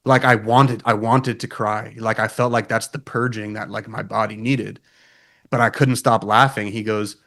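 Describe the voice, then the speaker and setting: Podcast guest, male, low-pitched, animated storyteller, heavy swearing and "like" fillers. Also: moderate pace. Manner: swears often, frequent "like" fillers. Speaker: podcast guest, metal guitarist.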